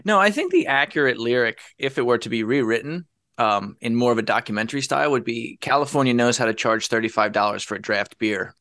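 A man's voice: medium pitch, lively intonation, fast talker, hardly any pauses, a bit bright, no echo. A man co-hosting a podcast in casual banter, with dry, wry humor. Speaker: podcast co-host.

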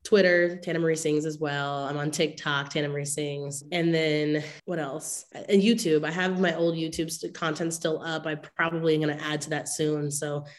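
A woman's voice: sits low, flat delivery, moderate pace, hardly any pauses. A young woman guest artist in a casual chat, bubbly and chatty, laughing easily. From Las Vegas.

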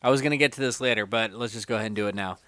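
A man's voice: fairly low pitch, racing, a bit bright, dry recording, clean studio sound. A man hosting a casual movie podcast, talking animatedly and slipping into mocking character voices. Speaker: podcast host.

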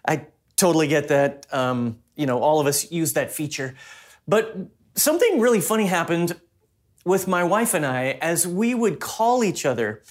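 A man's voice: on the high side, lively intonation, normal speed. A man preaching a sermon as a pastor, in a conversational way that mixes personal stories with teaching.

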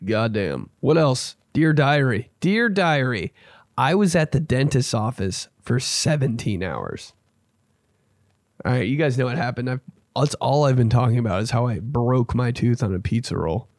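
Speaking at a moderate pace, a young man hosting a podcast rambles through casual anecdotes and performs the lines of the people in them. His medium-pitched voice is animated and darkish. The studio-quality audio has no echo.

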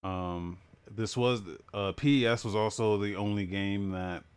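A young man co-hosting a gaming news podcast in casual chat, relaxed and laughing often as he explains the news. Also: lowish voice, a little slow, clean tone. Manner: relaxed, laughs often, many fillers and restarts while explaining. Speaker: podcast co-host.

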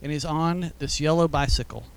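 His voice is a little high and clean, with some vocal fry, at a normal speed. He's telling stories in a casual, chatty church teaching full of asides and fillers, and for a moment he gets emotional and choked up.

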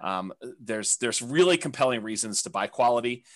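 A man teaching a real estate investing class, talking candidly in a halting way with many restarts and fillers. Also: medium pitch, animated.

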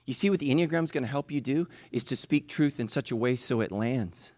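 A middle-aged man preaching a sermon as pastor. He talks passionately, jumping from loud bursts to hushed, slow emphasis. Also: medium pitch, dry recording, clean studio sound.

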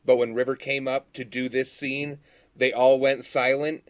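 Flat-voiced man telling a story. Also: medium pitch, normal speed, no echo. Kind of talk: casual chat.

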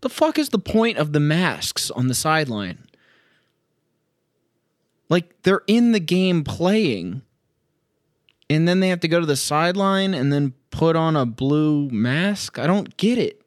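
Watching a game at home, this young podcast host rants alone about sports, full of sarcasm, curses and exasperation. His voice sits on the high side with a sing-song lilt, a measured pace and long pauses. It's a dry, clean studio recording.

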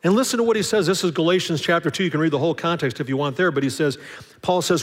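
A man's voice: fairly high pitch, quick pace. Conversational preacher man in a reverberant hall. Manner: conversational, acts out little dialogues, frequent restarts. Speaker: pastor. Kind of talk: sermon.

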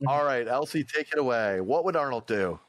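A man's voice: mid-range voice, expressive, noisy background. A man hosting an improv game, chatty and encouraging, with lots of fillers. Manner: chatty, quick with thanks, many fillers. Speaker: host.

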